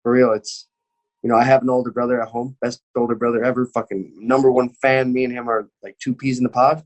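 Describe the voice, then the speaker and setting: A man's voice: mid-range voice, little pitch movement, fast. A young man, an MMA fighter, telling a story in casual chat, cursing constantly and acting out the people he quotes.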